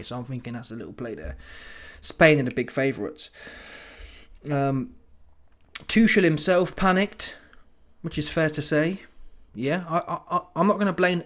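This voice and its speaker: A man, hosting a casual football reaction and ranting in a mocking, slangy way. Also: medium pitch. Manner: animated, mocking, slangy with laughing outbursts.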